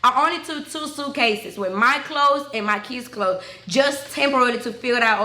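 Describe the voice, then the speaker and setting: High bright blunt woman. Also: a little fast, hardly any pauses, reverberant. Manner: blunt, profane, addresses viewers as y'all. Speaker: vlogger telling her own story. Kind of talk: emotional storytime to camera.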